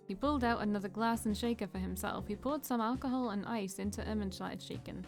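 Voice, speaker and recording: A woman's voice: medium pitch, normal speed, faint music behind. Woman casually reading a game aloud. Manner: reads lines then chats and jokes about the slang. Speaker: streamer reading a visual novel aloud. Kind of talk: casual let's-play reading with asides.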